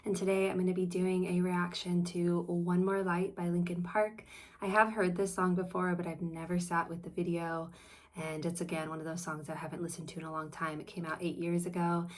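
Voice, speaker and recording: A woman therapist hosting a reaction video, talking in a casual, earnest and reflective way as she shares personal stories. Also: fairly low pitch.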